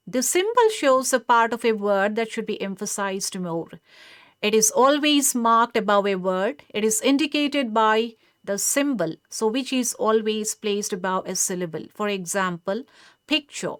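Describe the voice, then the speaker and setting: Clear, measured woman lecturing. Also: mid-range voice, fairly bright tone, no room sound, clean studio sound. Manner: measured, explanatory. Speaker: English pronunciation lecturer. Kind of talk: scripted lecture.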